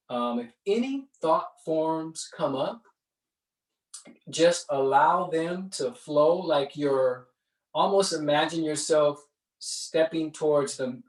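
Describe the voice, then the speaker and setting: A man teaching a guided breathing class. He talks in a conversational way and often checks in with "right?". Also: fairly high pitch. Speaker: yoga and meditation instructor. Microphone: far from the mic. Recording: roomy echo, distant mic.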